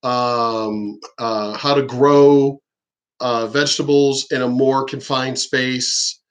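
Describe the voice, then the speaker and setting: A man talking in a casual, rambling vlog, swearing freely and laughing often, getting higher and louder when he rants. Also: flat delivery, takes it slowly. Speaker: vlogger.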